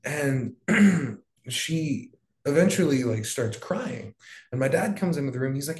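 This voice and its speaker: A man's voice: mid-range voice, expressive, moderate pace, darkish tone. A young man from Hawaii telling his story in casual, rambling talk, full of fillers and swearing. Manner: loose, profane, rambling with fillers. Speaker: wildfire survivor guest. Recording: echoey room.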